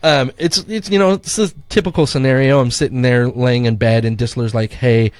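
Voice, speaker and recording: A man's voice: medium pitch, steady tone, brisk, no room sound. Middle-aged guy cohosting a podcast, rambling stories, swears casually, acts out the quotes. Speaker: podcast co-host. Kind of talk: casual chat. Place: studio.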